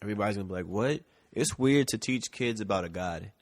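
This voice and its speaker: A man's voice: on the low side, fast, no room sound. A man co-hosting a podcast in loose casual chat, rambling with lots of "like" and the odd swear word. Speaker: podcast co-host. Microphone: shared mic.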